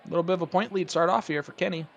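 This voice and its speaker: A man doing casual play-by-play darts commentary, chatty and rambling, getting excited on big throws. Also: high voice, very fast, creaky, muffled recording, slight background noise.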